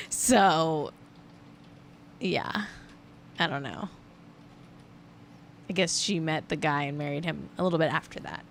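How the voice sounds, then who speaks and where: A woman's voice: mid-range voice, fairly bright tone, a little hiss or hum. A woman hosting a celebrity gossip livestream, chatting casually and rambling, correcting herself as she goes. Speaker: celebrity gossip show host.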